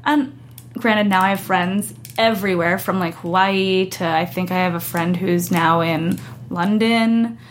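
Chatty woman telling a lively story. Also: medium pitch, measured pace, a little hiss or hum. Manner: animated storyteller, acts out quotes. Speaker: guest. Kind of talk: casual interview chat.

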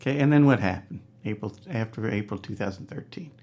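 A woman's voice: rumbling low, fast talker, mellow. A woman hosting a radio interview, asking questions and giving brief encouraging prompts. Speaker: radio host.

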